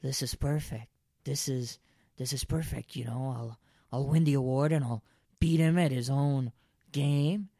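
A man performing improv comedy, talking in an excitable way and swinging into shrill, high outbursts. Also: measured pace, no echo, clean studio sound. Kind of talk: improv comedy role-play.

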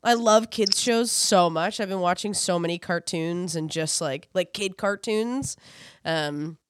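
A woman's voice: lowish voice, unhurried, noisy background. A woman hosting a casual podcast chat, gushing with enthusiasm and laughing often. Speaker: podcast host.

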